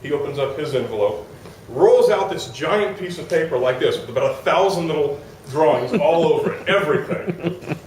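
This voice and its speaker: A man's voice: a little high, moderate pace, reverberant, distant mic, slight background noise, rough recording. A man on a conference stage telling a funny anecdote, acting out the people in it and laughing as he goes. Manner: animated, acts out quotes, laughs while telling. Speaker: storyteller on stage. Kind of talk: live comic anecdote. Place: conference hall, live audience.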